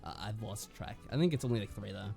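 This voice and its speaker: A man's voice: on the low side, fast talker, creaky, dark tone, soft background music. A young American man co-hosting a game stream, answering in dry, brief replies. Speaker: let's play co-host. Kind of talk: casual chat.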